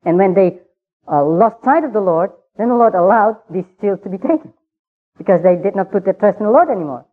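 A man giving a measured, verse-by-verse Bible study, pausing often and filling gaps with "uh". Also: high-pitched, lively intonation. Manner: measured, unhurried, with frequent pauses and fillers. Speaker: Bible teacher. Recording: tinny phone-like sound.

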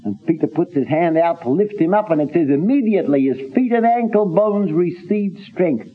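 A man preaching a sermon in an earnest, halting way, with many restarts, reading scripture in old-fashioned phrasing. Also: fairly high pitch, lively intonation. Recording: tinny phone-like recording.

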